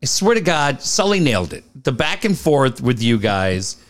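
A man's voice: mid-range voice, sing-song, normal speed. A middle-aged man co-hosting a podcast, teasing his partner with exclamations in casual chat. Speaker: podcast co-host.

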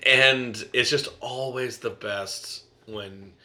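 A man's voice: mid-range voice, fairly even intonation, slow pace, sharp tone. A man who is a drummer, chatting as a guest on a podcast, joking around and bursting into laughter. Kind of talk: casual podcast chat.

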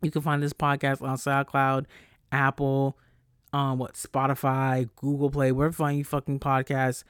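A man hosting his own podcast alone, talking casually in a blunt, profane, animated way as he gives his listeners a pep talk. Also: medium pitch, normal speed, smooth, no room sound, clean studio sound. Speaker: podcast host.

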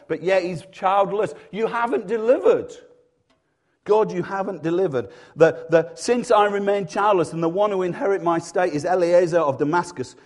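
A man's voice: on the high side, darkish tone. A male pastor preaching a sermon in a church, telling stories and acting out voices in dialogue.

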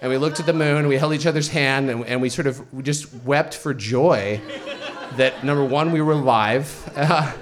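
A man's voice: medium pitch, normal speed, a crowd in the background. Profane rambling male storyteller. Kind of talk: personal story told to an audience.

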